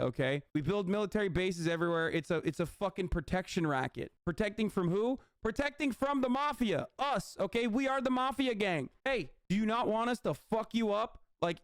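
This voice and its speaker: A man's voice: high-pitched, clean tone, no echo. Profane, fired-up male political streamer. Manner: profane, emphatic, sarcastic. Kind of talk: heated political commentary.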